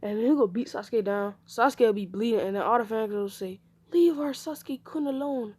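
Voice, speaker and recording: A woman's voice: medium pitch, fairly even intonation, fast, darkish tone. A woman narrating an improvised fan-made anime story. She rambles and corrects herself mid-sentence. The delivery is loose and unscripted.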